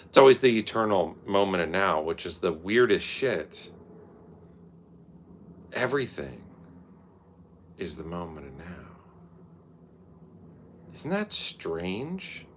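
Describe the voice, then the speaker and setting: A man talking to camera late at night in his art studio, rambling and swearing, often jumping into high mocking voices. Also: big pitch swings, takes it slowly, long pauses, slight background noise. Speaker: vlogger.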